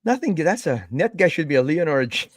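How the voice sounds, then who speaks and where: A man hosting a casual podcast chat, excitable and profane, peppering his talk with bro and man. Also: on the high side, fast, dry recording, studio quality. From Canada. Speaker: podcast host.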